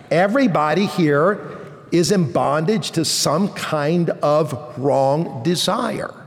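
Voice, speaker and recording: A man's voice: a little high, big-room sound. A man preaching a sermon to a large congregation, asking them questions and repeating key phrases for emphasis. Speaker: pastor. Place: large church auditorium.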